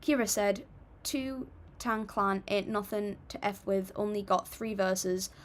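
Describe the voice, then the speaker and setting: A woman's voice: mid-range voice, fairly even intonation, measured pace. A young British woman hosting a livestream, casually reading viewer comments aloud and answering them in a friendly, chatty way. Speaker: livestream host reacting to music.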